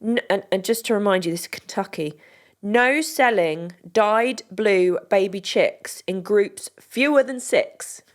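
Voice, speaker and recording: A woman's voice: medium pitch, unhurried. British woman, podcast co-host, casual delivery, laid-back banter. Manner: chatty, reads out items and jokes along.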